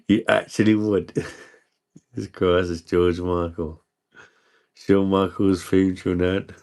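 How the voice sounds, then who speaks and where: A man's voice: deep voice, flat delivery, takes it slowly, long pauses, a little mellow. A man hosting a casual livestream chat, trading crude, self-mocking banter and laughing often. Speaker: livestream host.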